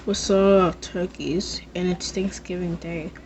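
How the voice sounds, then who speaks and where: A woman voicing a fed-up store clerk puppet who brushes off customers in a flat, dismissive mutter. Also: fairly low pitch, takes it slowly, breathy edge, exaggerated voice, low-quality recording. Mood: annoyed. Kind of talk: plush puppet comedy skit.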